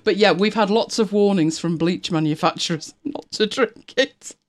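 A woman from Britain, speaking at medium pitch and normal speed, co-hosts a laid-back chat stream. She's sarcastic and chatty, often laughing and voicing her thoughts as she reads.

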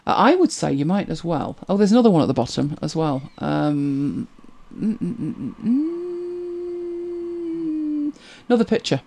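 A woman's voice: sits low, expressive, brisk, vocal fry, few pauses, a little mellow. A British woman co-hosting a casual live stream, rambling through forum posts and viewer comments, humming to herself and chuckling as she goes.

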